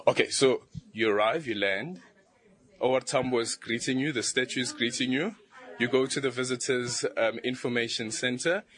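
A man's voice: medium pitch, normal speed, fairly bright tone. A man, a government official, answering a news interviewer about tourism in an upbeat, promotional way. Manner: upbeat, promotional, fluent with fillers.

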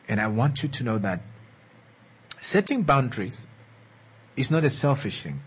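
A man's voice: medium pitch, big pitch swings, fairly bright tone, slightly rough. A man giving an earnest motivational talk on relationships, repeating key lines and checking in with his listeners. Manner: earnest, coaxing, slow and emphatic. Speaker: relationship speaker.

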